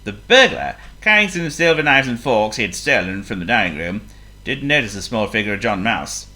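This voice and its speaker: Brief: very low-voiced woman storyteller, bright tone, wildly lively delivery, playful questions to the listener. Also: moderate pace. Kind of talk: children's storybook reading.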